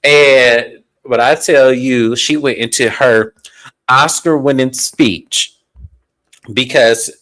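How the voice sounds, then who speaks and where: A man hosting a casual reality TV recap, talking in an animated, sassy way with drawn-out emphasis. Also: mid-range voice. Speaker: podcast host.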